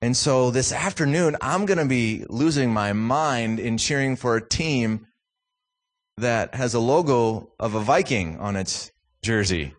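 A man's voice: mid-range voice, animated, a little slow. A man from Minnesota in his thirties or forties giving a guest sermon in a church, mixing joking, self-deprecating family stories with fervent preaching. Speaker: guest speaker from a youth ministry.

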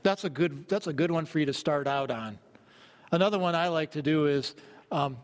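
Male pastor, slightly high voice, earnest sermon delivery, long hall reverb. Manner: earnest, repeats phrases while reading scripture aloud.

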